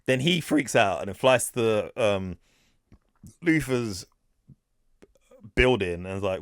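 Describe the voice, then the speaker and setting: A man with a fairly low voice walking through film scenes in relaxed podcast chat, breaking in with short agreements. The sound is dry and close, with no room around it. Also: unhurried, long pauses, no room sound. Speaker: podcast co-host. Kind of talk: casual film discussion.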